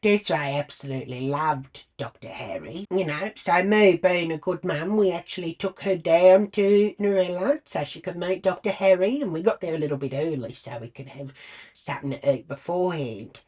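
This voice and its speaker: A woman's voice: fairly low pitch, moderate pace, darkish tone, slightly rough. A woman telling a crude, blunt comic story full of swearing. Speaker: comedy character storyteller. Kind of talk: comic monologue.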